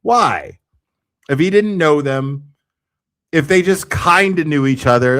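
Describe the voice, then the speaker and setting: A man's voice: medium pitch, expressive, measured pace, long pauses. A man giving casual ranting commentary, swearing freely and sounding sarcastic and exasperated.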